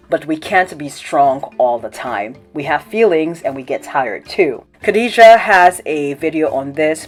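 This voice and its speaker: A woman from Cameroon hosting a video essay, explaining things in a measured way with wry asides. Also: low voice. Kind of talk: scripted commentary read to camera.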